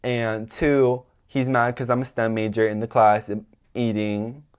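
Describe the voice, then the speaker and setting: A young man hosting his own podcast, telling a story in a rambling, animated way, full of "like" and swearing. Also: medium pitch, a little slow, clear, resonant tone. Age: young adult. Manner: acts out quoted people in a raised voice. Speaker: podcast host. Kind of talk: casual storytelling monologue.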